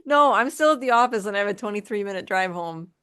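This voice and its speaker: A woman's voice: medium pitch, expressive, fast, pushed and bright, smooth, no room sound, clean studio sound. A woman joining a podcast remotely, laughing a lot and teasing the others in casual chat.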